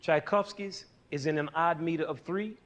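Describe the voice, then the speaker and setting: A man's voice: fairly high pitch, moderate pace. A man teaching a lesson on rhythm, asking his listeners questions and drawing out their answers. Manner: animated, asks the audience questions. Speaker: music teacher.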